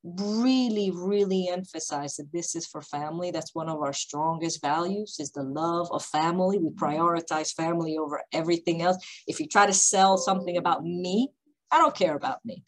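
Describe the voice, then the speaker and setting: A woman who founded a company, speaking on a video call panel with emphatic, deliberately slow, repetitive points. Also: lowish voice, low-quality recording. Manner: emphatic, repeats key points, speaks slowly on purpose.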